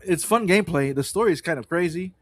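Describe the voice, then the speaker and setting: A man's voice: on the high side, fast. A man co-hosting a casual gaming podcast, talking in a loose, rambling way with plenty of swearing. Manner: loose and profane, rambling asides. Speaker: podcast co-host. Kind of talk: casual livestream chat.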